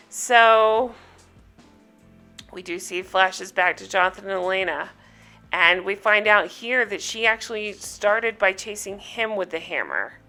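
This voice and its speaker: A woman's voice: medium pitch, pushed and bright. A woman recapping a TV episode in a chatty way, retelling scenes and reacting to them. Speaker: TV show recapper.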